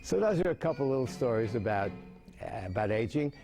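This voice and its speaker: A man's voice: a little fast, soft background music. Man in his seventies telling stories. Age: 70s. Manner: animated storytelling with big pitch jumps. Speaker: mime and storyteller. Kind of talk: telling jokes and explaining mime.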